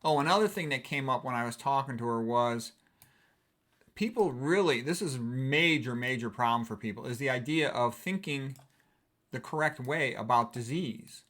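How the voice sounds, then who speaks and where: Blunt, forceful male doctor. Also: medium pitch, moderate pace. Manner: blunt, emphatic, rising to forceful stresses. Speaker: physician. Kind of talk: health talk monologue.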